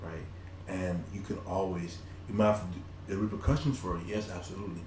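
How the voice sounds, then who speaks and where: A man's voice: low-pitched, fairly even intonation, a little fast, darkish tone, a little hiss or hum. A man from Nigeria co-hosting a podcast, giving motivational talk in an earnest, repetitive way with many restarts. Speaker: podcast co-host. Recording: roomy echo.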